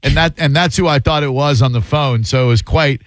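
A man's voice: medium pitch, a little fast, no echo. A man hosting a radio talk show, riffing on his opinions in a casual, rambling way.

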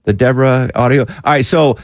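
A man's voice: mid-range voice, brisk, dry recording, studio quality. A man hosting a radio show, chatting casually and joking, putting on voices now and then. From New York. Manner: animated, jokey, mimics voices.

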